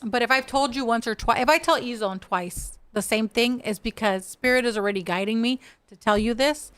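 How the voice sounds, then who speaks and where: Bright-voiced frank woman podcast guest. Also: on the high side, a little fast, clear, resonant tone. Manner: frank, animated storyteller who laughs easily. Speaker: podcast guest, santera practitioner. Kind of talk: casual podcast chat.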